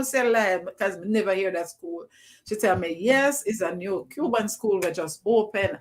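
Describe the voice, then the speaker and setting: Woman, Jamaican accent, lively storyteller, Jamaican Creole, rather high voice. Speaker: guest teacher. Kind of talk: storytelling on a livestream.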